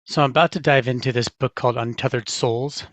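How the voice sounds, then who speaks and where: A man's voice: mid-range voice, steady tone, fairly quick, fairly bright tone, dry recording. A man being interviewed as a podcast guest, speaking earnestly and reflectively. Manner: earnest, reflective, laughs easily. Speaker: podcast guest, navy veteran. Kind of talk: casual interview chat.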